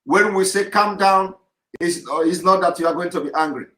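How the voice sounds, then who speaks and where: Guy doing a live broadcast, high voice, keeps repeating himself hard, roomy echo. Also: moderate pace. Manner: insistent, repetitive, forceful oratory. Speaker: activist leader giving a live broadcast. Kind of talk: live online address to followers.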